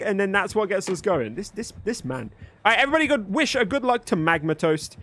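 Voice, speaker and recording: A man's voice: high voice, expressive, brisk, fairly bright tone. A young man chatting live with his viewers while gaming, joking and swearing freely. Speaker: livestreamer. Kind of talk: live gaming stream chat.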